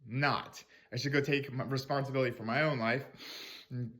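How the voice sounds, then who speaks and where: A man's voice: mid-range voice, fairly even intonation, normal speed, bright, forceful tone. A man coaching a tapping technique in loose, rambling talk, swearing casually and acting out angry self-talk in a raised voice. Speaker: spiritual mindset coach.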